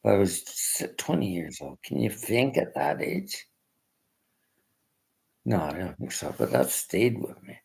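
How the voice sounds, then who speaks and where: Gravelly deep-voiced man rambling. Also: big pitch swings, a little mellow. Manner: halting, emotional, drops to near-whispers. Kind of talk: rambling personal monologue.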